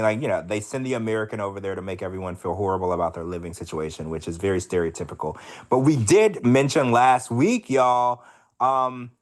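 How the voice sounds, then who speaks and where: Lower-pitched man, gossipy podcast chat. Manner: chatty, gossipy, addresses listeners as y'all. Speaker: podcast co-host. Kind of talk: casual chat.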